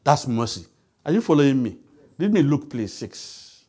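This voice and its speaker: A man's voice: mid-range voice, big pitch swings, normal speed, a little mellow, slightly rough. A man preaching a sermon, emphatic and quizzing the congregation with call-and-response questions.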